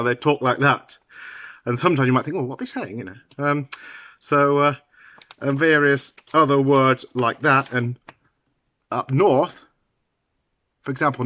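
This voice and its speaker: Man, bright voice, dry close sound, patient teacher explaining idioms, halting delivery. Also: mid-range voice, dry recording. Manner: unhurried, halting with fillers and restarts. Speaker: English teacher.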